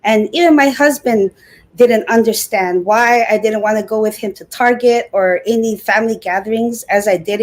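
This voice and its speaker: A middle-aged woman speaks earnestly over a video call, her voice sitting a little high. She talks with open emotion and sometimes halts mid-sentence. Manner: earnest, emotional, halting at times. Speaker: guest, Air Force veteran. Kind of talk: personal interview talk.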